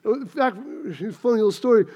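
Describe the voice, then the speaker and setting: High-voiced man preaching with playful humor. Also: lively intonation, moderate pace, highs cut off. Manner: chatty, self-deprecating storyteller. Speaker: pastor. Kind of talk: sermon with a humorous personal story.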